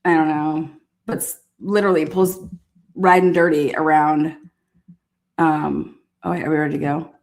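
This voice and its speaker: Woman, lower register, casual foul-mouthed storyteller, lively and amused. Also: moderate pace, creaky. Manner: profane, animated, laughing while telling a story. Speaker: storyteller recounting past events. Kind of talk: casual anecdote.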